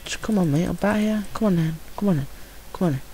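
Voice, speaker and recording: A young Brummie man chatters through his gameplay, joking and getting worked up as he goes. His voice sits a bit high with a gravelly crackle and a mellow, dark tone. He sounds like he is recording on a home computer mic. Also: fast talker. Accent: Birmingham English. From Birmingham, England. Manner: chatty, excitable, jokey self-talk. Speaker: gameplay commentator. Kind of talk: casual gameplay commentary.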